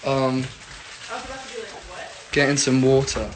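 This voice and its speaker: A man's voice: mid-range voice, little pitch movement, slow. Chatty young man, roomy sound. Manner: rambling, chatty, many fillers. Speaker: singer-songwriter. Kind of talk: casual livestream chat. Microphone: phone livestream. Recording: roomy echo, faint noise.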